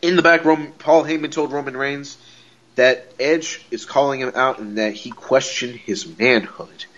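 A man hosting a podcast, recapping a wrestling show in a casual, excitable way, laughing often and repeating himself. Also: mid-range voice, moderate pace, dull audio. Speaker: podcast host.

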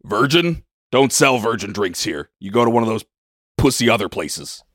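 A man's voice: fairly low pitch, lively intonation, moderate pace, fairly bright tone, no echo, studio quality, pitched above the performer's own voice. A man voicing a huge, grumpy male lion bartender who is stubborn and sulky. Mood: scornful.

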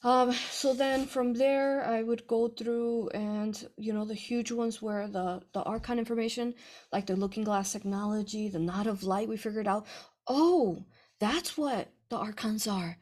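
A woman author chatting casually with her audience in a rambling, effusive way, swinging between excitement and hushed earnestness. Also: fairly high pitch, unhurried. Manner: rambling and effusive, many fillers and restarts. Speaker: author answering reader questions. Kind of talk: casual livestream chat.

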